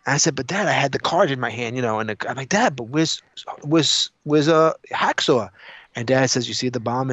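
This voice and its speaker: A man co-hosting a podcast, telling a childhood story in a laughing, animated way. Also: fairly high pitch, no room sound, lo-fi sound. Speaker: podcast co-host. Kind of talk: casual storytelling chat.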